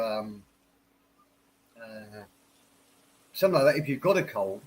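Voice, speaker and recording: A man's voice: mid-range voice, animated, measured pace, long pauses, poor audio. Casual stream host, man, stuffy nose, a bit tipsy, rambling and repeating himself. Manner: rambling, repeats words and restarts often; tipsy after a few whiskeys. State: stuffed up from a head cold. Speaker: livestream host. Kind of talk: casual livestream chat. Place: home office.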